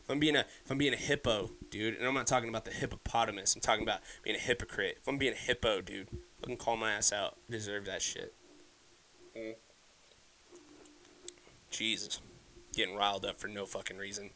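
A man's voice: fairly low pitch, steady tone, brisk, pauses often, pushed and bright, a little hiss or hum. A young man hosting a podcast, ranting casually and heatedly, swearing constantly and often restarting his sentences. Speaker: podcast host. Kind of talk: casual solo podcast rant.

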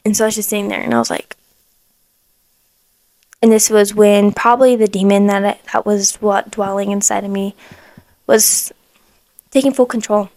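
A woman with a gravelly, fry-laced voice shares a personal faith testimony on her podcast. She speaks emotionally, leaning on "like" fillers and sometimes sinking into a hushed whisper. The sound is close and dry, with no room echo. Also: mid-range voice, lively intonation, normal speed, pauses often. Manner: emotional, heavy use of "like" fillers; drops to a hushed whisper in moments of prayer. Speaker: podcast host.

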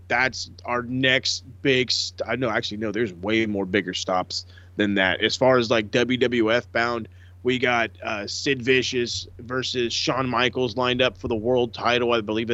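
A man co-hosting a casual podcast, swearing freely and talking excitedly. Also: medium pitch, dry recording, lo-fi sound. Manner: profane, excitable, laughs a lot. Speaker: podcast co-host.

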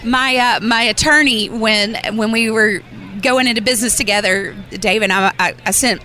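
A woman, a restaurant owner from Mississippi, chatting casually and haltingly with many fillers. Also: a little high, fairly even intonation, pushed and bright, a faint crowd. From Mississippi, US South. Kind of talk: casual chat.

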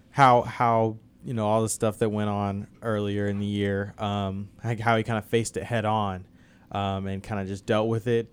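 A man on sports radio gives his opinion in a low, smooth, clear voice. He speaks haltingly, with frequent ums and restarts. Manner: halting, many fillers. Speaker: radio co-host. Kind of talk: casual sports commentary.

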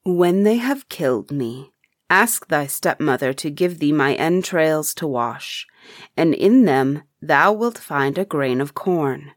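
A woman voicing a kindly magical cow in a folk tale, speaking softly and slowly. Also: low-pitched, lively intonation, no room sound, clean studio sound, voice pushed down. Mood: soothing. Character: gentle magical talking heifer, female.

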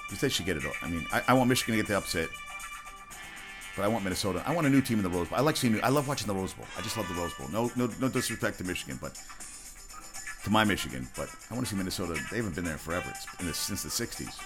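A man's voice: low voice, animated, rapid-fire. A man hosting his own sports show in a casual, rambling rant, blunt and profane, with faint music behind.

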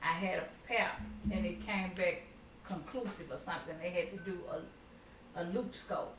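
Over music, a middle-aged mother with a lowish voice shares family stories at normal speed in a casual chat. The recording is roomy and distant with faint noise, and she laughs a lot while acting out the quotes.

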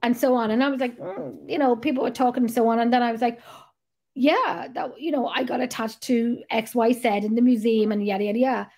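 Middle aged woman hosting a podcast, kinda high voice, rambly and sweary. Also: steady tone, brisk, darkish tone. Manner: chatty, rambling, swears freely. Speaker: podcast host. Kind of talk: casual chat.

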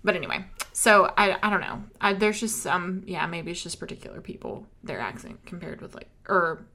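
A woman's voice: fairly low pitch, normal speed. A woman with a Texan accent co-hosting a casual chat podcast, laughing often and acting out her own reactions. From Texas. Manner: chatty, laughs often, animated retellings. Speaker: podcast co-host.

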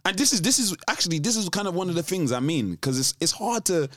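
A man co-hosting a podcast in casual chat, animated, often restarting his sentences. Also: high voice, fast talker, no echo, clean studio sound. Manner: animated, restarts often, laughs between points. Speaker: podcast co-host.

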